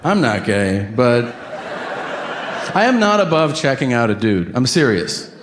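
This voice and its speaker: Animated, profane male stand-up comedian. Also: mid-range voice, a little slow, over music. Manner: profane, animated storytelling with acted-out quotes.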